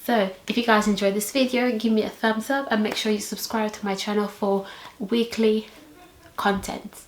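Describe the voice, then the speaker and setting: A young woman, telling a story vlog in an animated, sassy way. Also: mid-range voice, moderate pace, reverberant, a little hiss or hum. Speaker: vlogger.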